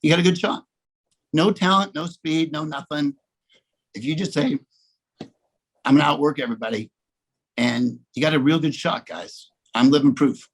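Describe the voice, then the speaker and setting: A man with a fairly high voice tells a casual story on a video call. He is animated, restarts his sentences and keeps checking in with his listeners. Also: normal speed, low-quality recording. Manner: animated, restarts often, repeats "okay?". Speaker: guest speaker in a sales coaching session.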